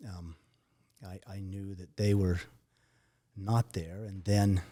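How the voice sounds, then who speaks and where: A middle-aged man recounting a near-death experience in an interview, halting and repeating words, his voice sinking low and quiet at the hardest moments. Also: flat delivery. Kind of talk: emotional personal storytelling.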